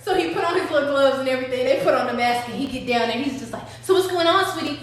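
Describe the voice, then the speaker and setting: A woman's voice: sits high, rapid-fire. A woman telling a personal storytime, dramatic and profane, talking straight to her viewers. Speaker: storytime vlogger. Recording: very echoey room.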